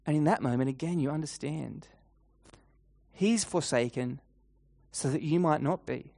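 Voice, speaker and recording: A man preaching a sermon, retelling a scene vividly in the second person and slowing down and softening his voice for emphasis. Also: fairly high pitch, vocal fry, dry recording.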